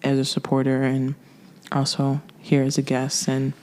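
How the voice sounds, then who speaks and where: A woman's voice: a bass voice, monotone, moderate pace, slight background noise. A woman hosting a faith podcast, thanking her guest and getting emotional. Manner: warm, emotional, grateful. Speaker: podcast host. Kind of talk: casual faith podcast chat.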